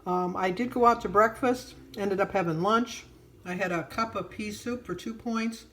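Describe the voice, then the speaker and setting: A middle-aged American woman vlogger chats casually, rambling and telling stories with frequent fillers. Her voice is medium-pitched and fairly bright, at a moderate pace, with slight background noise.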